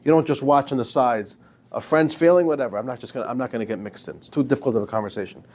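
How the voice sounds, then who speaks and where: Rabbi guy lecturing a class, laid back and punchy, cracks jokes, normal pitch. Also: rapid-fire, a little mellow. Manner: casual, emphatic, slangy, joking with students. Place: classroom with students.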